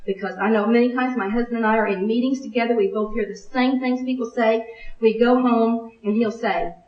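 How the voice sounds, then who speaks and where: An older woman teaching a Bible class, practical and earnest, rehearsing phrases out loud. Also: on the high side, fairly even intonation, fairly quick, recorded from a distance. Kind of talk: recorded Bible class lesson. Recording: muffled, echoey room from afar.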